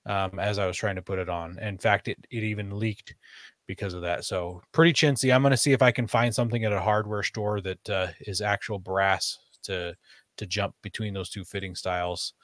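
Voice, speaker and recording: A man's voice: on the low side, steady tone, moderate pace, fairly bright tone, no room sound, clean studio sound. A man chatting casually on a podcast, rambling with fillers and restarts. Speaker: podcast host. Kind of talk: casual chat.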